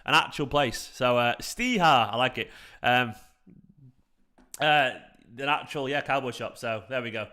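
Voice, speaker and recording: A young adult man hosting a football fan live stream, chatty and excitable, swearing casually as he reads the chat. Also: mid-range voice, a little slow, pauses often.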